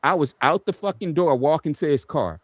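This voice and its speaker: A man's voice: on the high side, animated, brisk, no echo. A man telling a road rage story in a casual stream chat. He swears constantly and acts out the people in his stories.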